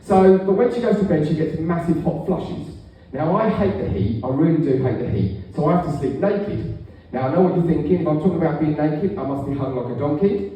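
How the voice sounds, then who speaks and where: A middle-aged man doing a stand-up routine, telling stories in a deadpan way with raunchy punchlines, on a comedy club stage. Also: a little high, a little fast. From England. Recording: echoey room, far from the mic.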